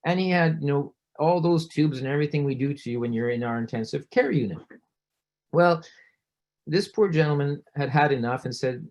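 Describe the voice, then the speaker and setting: A middle-aged doctor talks an audience through real cases in a relaxed, conversational presentation. He tells each story vividly, lifting his voice when he plays the people in it. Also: moderate pace. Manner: storytelling, acts out quoted voices with rising pitch. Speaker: physician giving a public talk.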